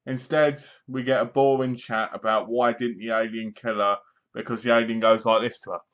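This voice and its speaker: A man's voice: medium pitch, flat delivery, moderate pace, a bit bright. A man with an English accent giving a casual, rambling movie review that sounds sarcastic. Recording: dull lo-fi recording.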